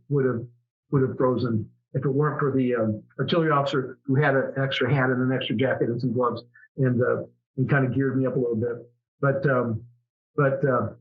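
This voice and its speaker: A man's voice: medium pitch, narrow, tinny audio. A middle-aged man, a former fighter pilot, telling stories in a casual interview, rambling with many restarts.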